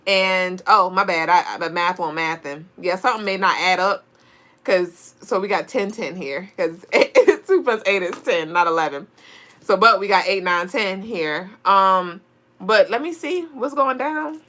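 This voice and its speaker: Woman, tarot reading host, casual live stream talk, playful, medium pitch. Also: lively intonation, measured pace, sharp tone. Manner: chatty and playful, laughing often, talks to chat viewers. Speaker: livestream tarot reader and astrology host.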